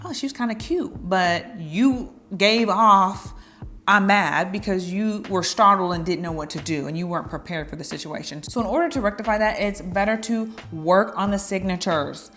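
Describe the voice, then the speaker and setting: A woman's voice: mid-range voice, moderate pace, few pauses, a bit bright, faint music behind. A woman vlogger giving dating advice in a chatty, playful way, now and then acting out little flirty lines. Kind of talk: casual advice talk to camera.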